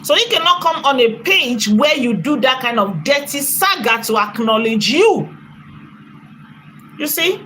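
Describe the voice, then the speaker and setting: Chatty Nigerian woman, bright and laughing. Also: high-pitched, very animated, measured pace, slight background noise, rough recording. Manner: chatty, laughs often, thanks donors effusively. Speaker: live-stream commentator. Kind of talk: casual live-stream gossip commentary.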